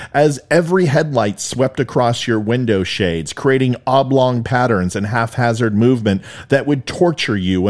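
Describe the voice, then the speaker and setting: A man's voice: mid-range voice, darkish tone. Middle-aged male podcast host with a mid-range voice and a wry, joking monologue style. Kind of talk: solo monologue with storytelling.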